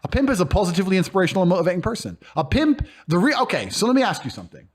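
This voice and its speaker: A man's voice: high voice, huge pitch swings, rapid-fire. A man speaking bluntly and emphatically as a guest in a casual interview, swearing freely and often acting out other people's voices. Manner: acts out quoted speech in put-on voices. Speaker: podcast guest.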